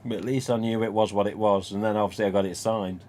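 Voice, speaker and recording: Speaking quickly in a fairly low, steady, slightly mellow voice, an Englishman runs a laid-back live stream. He responds to comments with meandering stories, swearing mildly along the way.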